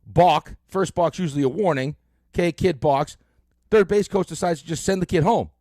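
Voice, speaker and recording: Animated middle-aged man on sports radio. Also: a little high, moderate pace, dry recording, clean studio sound. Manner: animated storyteller, lots of fillers. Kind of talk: casual sports talk. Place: radio studio.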